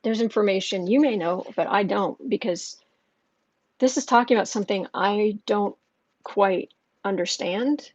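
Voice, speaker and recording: A woman chats through a tarot reading at a measured pace, her mid-range voice a little mellow, drifting into stories and frequently starting over. No room sound is audible.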